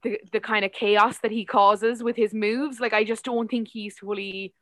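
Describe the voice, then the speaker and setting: Irish woman, podcast co-host, bright tone, dry close mic, animated and opinionated. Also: fairly high pitch, normal speed, no room sound. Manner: animated, opinionated, heavy filler "like". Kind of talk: casual chat.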